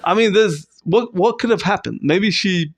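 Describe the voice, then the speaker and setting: Man, higher-pitched voice, rambling, self-mocking, improvised comedy monologue. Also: moderate pace. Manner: rambling, self-mocking, with sudden squeaky fake sobbing. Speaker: comedy vlogger. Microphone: close to camera.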